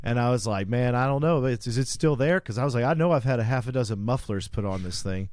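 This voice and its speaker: A man's voice: mid-range voice, expressive, fast, darkish tone, no echo. A man co-hosting a podcast, telling a long story in casual chat and acting out both sides of the conversation. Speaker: podcast co-host.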